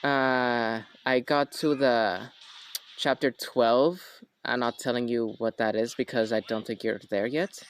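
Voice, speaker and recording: A man of ordinary middle pitch hosts a relaxed conversation. He jokes often and corrects himself in an offhand way. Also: a little slow, clean tone, poor audio. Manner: joking, self-correcting, offhand. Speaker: host. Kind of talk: casual chat.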